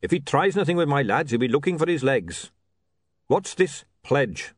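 A man reading an audiobook voices a blunt, gruff male dwarf foreman. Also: mid-range voice, very animated, moderate pace, no echo, studio quality, pitched above the performer's own voice.

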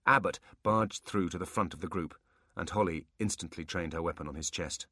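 Deep-voiced male storyteller, lively and bright, husky, dry close mic; good for fantasy audiobooks. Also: a little fast, no echo. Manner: expressive storytelling. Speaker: audiobook narrator. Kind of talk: scripted fantasy narration.

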